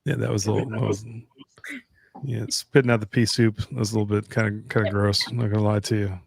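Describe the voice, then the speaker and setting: A man's voice: on the low side, level tone, fast, vocal fry, slightly rough. A middle-aged man co-hosting a live stream, telling a long story in a loose, rambling casual chat style, often restarting his sentences.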